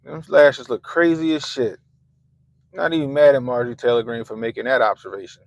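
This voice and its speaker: A man hosting a livestream, ranting casually and swearing constantly, swinging between loud outbursts and low mutters. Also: steady tone, a little fast, gravelly, dry recording, rough recording. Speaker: livestream host. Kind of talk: profane casual rant. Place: Baltimore.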